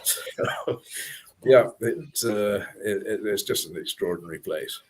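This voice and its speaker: A man's voice: on the low side, a little slow. A Scottish man telling chatty, self-deprecating stories as a guest on a video-call interview. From Scotland. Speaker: guest author and speaker. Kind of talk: casual interview chat.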